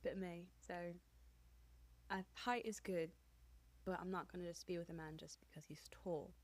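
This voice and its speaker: A woman's voice: lowish voice, normal speed, dry recording. A woman in casual podcast chat, frank and opinionated, filling her talk with "like". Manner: opinionated, frank, heavy use of "like".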